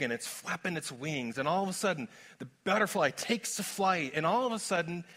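A male pastor with a high-pitched voice preaches animatedly and conversationally, weaving in self-deprecating humor.

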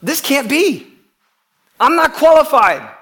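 A man's voice: very high voice, wildly swooping pitch, slow, fairly bright tone, voice pushed up, heavily acted. A preacher voicing a pleading, insecure young man. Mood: protesting. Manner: pleading, self-doubting.

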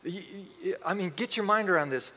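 A middle-aged man preaching a sermon, telling animated stories with acted-out quotes. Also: sits high, brisk, big-room sound. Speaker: pastor.

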